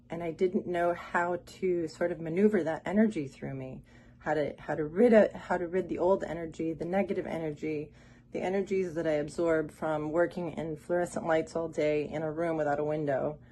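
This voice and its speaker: A low-voiced woman from Miami speaks in a heartfelt, halting way, pausing on fillers. She sounds close to tears as she gives her testimonial. A faint noise sits under the recording. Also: darkish tone. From Miami, Florida. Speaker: caller giving a testimonial. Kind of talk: emotional spoken testimonial.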